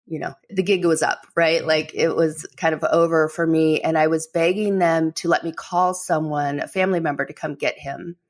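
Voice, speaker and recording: Low-voiced woman telling a personal story. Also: fairly even intonation, normal speed, few pauses. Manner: candid, emotional, heavy use of "you know". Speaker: memoir author guest.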